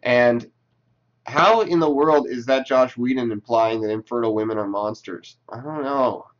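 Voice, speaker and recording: A man doing casual reaction commentary, reading posts aloud and snapping back at them with sarcastic, profane asides. His voice sits at a middling pitch, and the recording sounds a little dull and lo-fi. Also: moderate pace. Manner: sarcastic, profane, talks back to what he reads.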